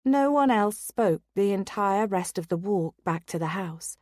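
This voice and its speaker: A woman narrating a romance audiobook in a steady, unhurried reading voice on a close studio mic. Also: medium pitch, no room sound.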